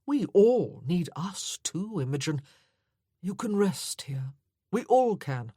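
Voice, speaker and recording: A woman voicing a languid aristocratic man who speaks in a sighing, deliberately bored way. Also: on the low side, big pitch swings, dark tone, slightly rough, no echo, studio quality, full character voice. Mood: drawling.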